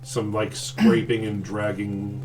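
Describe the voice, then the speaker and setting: A man's voice: lowish voice, level tone, slow, darkish tone, recorded from a distance, faint music behind. A man running a tabletop game as game master, describing scenes with frequent ums and restarts. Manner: hesitant, lots of ums and restarts.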